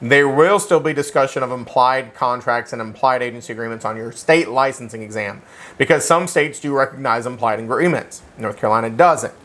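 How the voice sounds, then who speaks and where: A man teaching a real estate licensing class in an animated, joking way, often checking in with "okay?" and speaking. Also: mid-range voice. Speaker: real estate exam instructor. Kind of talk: classroom lecture.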